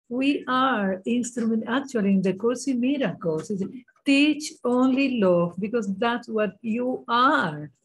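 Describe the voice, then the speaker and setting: Woman, slow and breathy, grateful spiritual sharing. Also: fairly high pitch, rough recording. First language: Spanish. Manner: slow, warm thanks, soft laughs. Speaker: group member responding.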